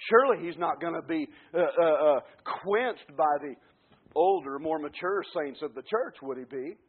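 A man preaching a fervent sermon, dropping to quiet asides and then building to shouted climaxes. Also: fairly high pitch, lively intonation, normal speed, husky. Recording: tinny phone-like radio broadcast.

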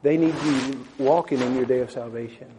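A man preaching with fervor, his tone warm and mellow. He tells a story from the pulpit, often restarting his sentences and turning to the listeners with questions. Faint ambience sits behind him. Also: medium pitch, fairly quick, slight background noise, poor audio. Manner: fervent, stumbling restarts, frequent "man". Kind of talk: sermon with storytelling.

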